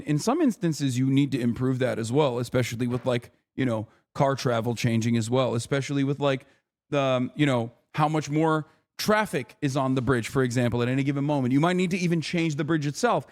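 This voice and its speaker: Male streamer, livestream commentary, swears a lot, rants at chat, slightly high voice. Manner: ranting, profane, talks straight to chat. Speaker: streamer host.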